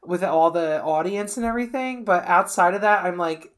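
A young woman weighs in on a film with blunt, casual opinions, pausing to hunt for the right words. Her voice sits a little low for a woman. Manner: frank, searching for words. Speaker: podcast co-host. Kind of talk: casual movie discussion.

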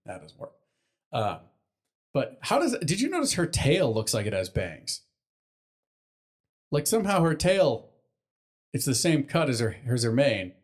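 A man's voice: mid-range voice, wildly swooping pitch. Profane young man recapping a cartoon. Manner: profane, rambling, acts out characters in quick voices. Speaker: podcast co-host. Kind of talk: casual podcast chat recapping a cartoon episode.

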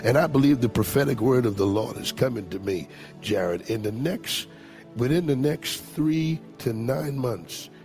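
A man giving an emotional testimony and fervent prayer as an evangelist guest, swinging from hushed, tearful words to loud declarations. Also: mid-range voice, unhurried, gravelly, faint music behind.

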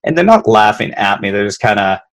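A man's voice: lowish voice, big pitch swings, fairly quick. A man, a leadership consultant, explaining emotions conversationally, often repeating words and checking in with "right?".

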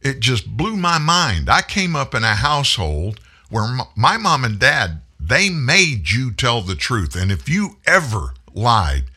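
A man's voice: medium pitch, big pitch swings, measured pace, few pauses, sharp tone, husky. A man hosting a talk show, delivering a folksy, emphatic political commentary monologue. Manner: folksy, emphatic, preachy, addresses listeners as folks.

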